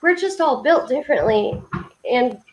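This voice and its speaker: Earnest high-voiced woman telling stories. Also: expressive, normal speed, low-quality recording. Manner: earnest, heartfelt storytelling with a preacher's lift. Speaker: co-host of a faith support livestream. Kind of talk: casual faith-based chat.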